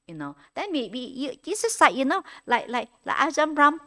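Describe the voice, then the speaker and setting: Lively-voiced woman giving a Dharma talk. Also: high-pitched, moderate pace. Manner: conversational, repeats words and restarts, frequent "you know"; non-native English grammar. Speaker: Dharma teacher. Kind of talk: Dharma talk at a meditation retreat.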